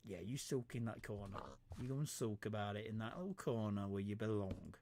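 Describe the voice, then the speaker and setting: A man's voice: on the low side, fairly quick, a little mellow, a little hiss or hum. A man giving casual gameplay commentary as a streamer, scolding game animals in a mock-stern way.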